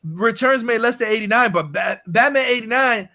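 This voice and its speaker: A man's voice: extremely high pitch, normal speed, pushed and bright. A man hosting a livestream, ranting crudely in casual chat and stumbling over his words as he gets heated. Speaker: livestream host. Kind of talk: casual profane rant chat.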